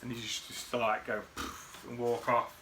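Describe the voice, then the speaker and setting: Bright-voiced bloke rambling fondly. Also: male voice, medium pitch, monotone, normal speed, a little hiss or hum. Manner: rambling, sweary, chuckling. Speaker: friend recording a birthday message. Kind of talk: casual rambling reminiscence.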